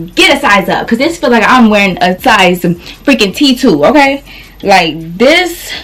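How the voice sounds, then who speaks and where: A young woman vlogger chatting casually through a clothing haul, a little out of breath, rambling and calling her viewers y'all. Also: on the high side.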